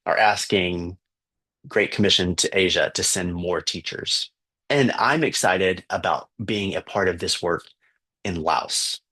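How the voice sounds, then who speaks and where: A man's voice: low voice, fairly bright tone. A man, a missionary teacher, earnestly telling a story for fundraising, with fillers and restarts.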